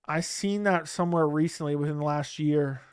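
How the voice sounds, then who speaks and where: Streaming live from home, a man reads viewer comments into a close-up studio mic at a moderate pace, his smooth, crisp voice a touch high for a man. He's blunt and slangy, often trailing off mid-thought, and the sound is dry and close with no room around it.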